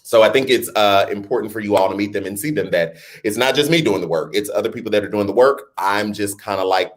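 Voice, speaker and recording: A man's voice: lowish voice, fast talker. A man hosting a casual live-stream chat, talking straight to his viewers, now and then slipping into a playful newscaster voice. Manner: chatty, talks straight to viewers, laughs at himself; jokingly puts on a newscaster voice. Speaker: host.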